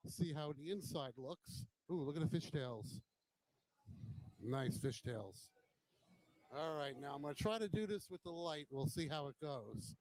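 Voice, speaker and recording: Male host, slightly high voice, casual admiring walkaround banter. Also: a little mellow, no echo, rough recording. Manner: chatty, admiring, joking.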